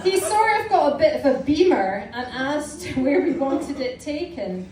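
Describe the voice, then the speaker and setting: A woman's voice: high-pitched, big pitch swings, a little slow. A Scottish woman in her forties reading aloud from her teenage diary to a live audience, with a wry, amused storytelling manner. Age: 40s. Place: small indoor live venue. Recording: roomy, distant mic with audience noise.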